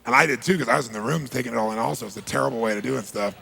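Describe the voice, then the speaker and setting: A man speaking as a motivational seminar speaker, telling an animated story in a gravelly voice and addressing a live audience directly. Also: mid-range voice, rapid-fire, slight background noise.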